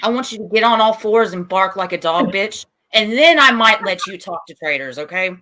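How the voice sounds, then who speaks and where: A woman's voice: mid-range voice, expressive, moderate pace, sharp tone, slight background noise. Scornful woman mocking a rival on stream, voice swinging up and down. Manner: taunting and scornful. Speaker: streamer on a panel. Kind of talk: heated livestream argument.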